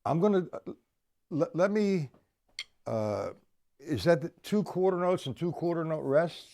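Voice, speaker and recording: A man's voice: a little high, expressive, creaky, warm tone. A middle-aged man teaching drums on a live stream, apologetic and rambling, stopping often to restart his sentences. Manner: counts and explains stickings slowly. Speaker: drum teacher. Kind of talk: live-streamed drum lesson.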